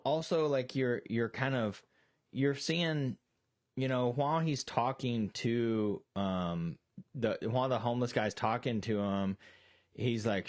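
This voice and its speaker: A man co-hosting a casual movie discussion, retelling scenes with lots of swearing and quoted voices. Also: mid-range voice. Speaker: podcast co-host.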